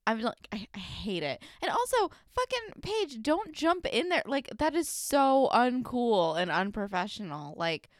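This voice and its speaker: A woman's voice: on the high side, very animated, a little slow, hardly any pauses, no room sound, studio quality. A woman co-hosting a podcast, ranting in exasperation while recapping an episode. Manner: exasperated ranting, lots of fillers. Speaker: podcast co-host. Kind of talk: casual recap chat.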